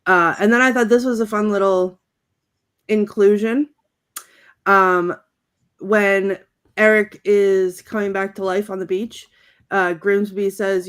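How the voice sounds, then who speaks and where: A woman's voice: mid-range voice, flat delivery, slow pace, pauses often, fairly bright tone, clean tone. Chatty giggly woman co-host. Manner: chatty and giggly, many fillers. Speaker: podcast co-host. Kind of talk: casual chat, reading favorite movie quotes.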